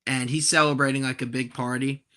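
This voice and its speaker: A young man in his twenties telling a profane, animated story on a casual podcast. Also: mid-range voice, brisk. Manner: animated, profane, acts out quoted voices loudly.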